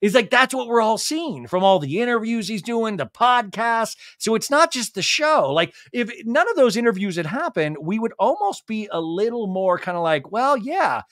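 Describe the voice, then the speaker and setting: A sarcastic male podcast host recapping TV for laughs, his voice sitting high. He riffs freely, and the recording is close and dry. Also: big pitch swings, moderate pace, few pauses, fairly bright tone, no echo. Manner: sarcastic, riffing, jumps into silly impressions.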